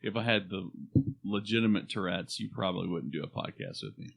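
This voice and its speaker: A man's voice: sits low, sing-song, a little fast, creaky. A man from Oklahoma hosting a podcast, rambling and joking in casual banter. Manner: rambling, jokey, stumbles. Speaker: podcast host.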